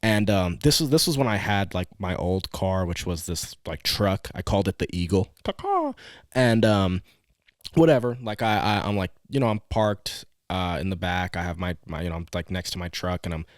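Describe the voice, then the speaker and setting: A man's voice: deep voice, normal speed, dry recording, clean studio sound. A young man co-hosting a podcast, telling a story in a rambling casual way full of "like" and swearing. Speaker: podcast co-host.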